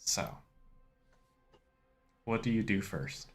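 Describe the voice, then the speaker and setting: Male game master, low voice, leisurely descriptive narration. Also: soft background music. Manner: relaxed, unhurried descriptive narration.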